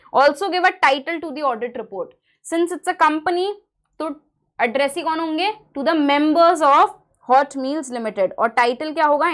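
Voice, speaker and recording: A young Indian woman with an Indian English accent giving an exam-prep audit lecture, switching between English and Hindi as she explains. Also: sits high. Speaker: audit teacher.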